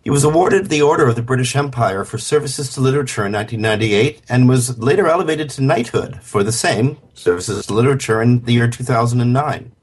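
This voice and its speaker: A man's voice: medium pitch, fast, hardly any pauses, slightly rough. A man co-hosting a web radio show in casual, chatty talk full of fillers and restarts. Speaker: podcast co-host.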